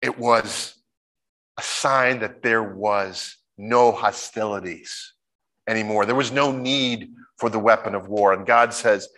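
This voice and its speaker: A man preaching a sermon, telling stories in a lively way and jumping into high, excited voices when he imitates people. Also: slow. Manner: animated storytelling, mimics voices with big pitch jumps.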